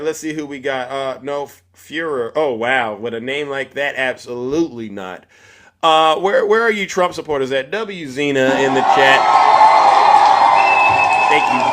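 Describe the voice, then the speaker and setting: Man hosting a live stream, combative, mocking, middling pitch, sometimes shouting. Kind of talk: live stream political commentary.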